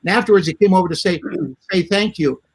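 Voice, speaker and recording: A male guest spinning wry anecdotes. His voice is high for a man, and he tells his stories with a dry wit. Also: fast, breathy edge. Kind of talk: storytelling.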